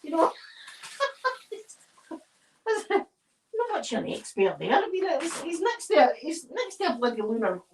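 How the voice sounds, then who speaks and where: A woman's voice: high-pitched, sing-song, a little slow, long pauses, darkish tone, a little hiss or hum. A Scottish woman talks in an easy, meandering way, drifting from one story to the next. Her tone is casual, as though she is chatting while busy with her hands. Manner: rambling, digressive storytelling. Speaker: ASMR video creator. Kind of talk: casual chat while decorating a tree.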